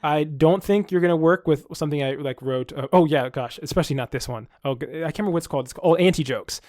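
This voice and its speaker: A man's voice: on the high side, quick pace, dry recording, clean studio sound. A young man co-hosting a podcast, chatting casually and acting out voices as he tells stories. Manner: animated storyteller, acts out quoted voices. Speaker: podcast co-host. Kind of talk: casual chat.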